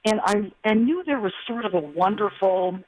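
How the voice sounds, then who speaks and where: A woman's voice: mid-range voice, lively intonation, normal speed, darkish tone. A woman calling in to a sports radio show, chatting cheerfully about her church. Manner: cheerful, laughs easily. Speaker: caller from a church. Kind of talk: phone-in radio chat. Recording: dull lo-fi phone line.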